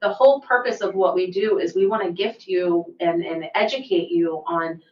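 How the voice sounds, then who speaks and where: Animated woman chatting, distant and roomy. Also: lowish voice, normal speed. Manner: animated storyteller, laughs easily. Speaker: podcast co-host, massage therapist and physical therapy assistant. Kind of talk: casual podcast chat. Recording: roomy, distant, dull mic sound.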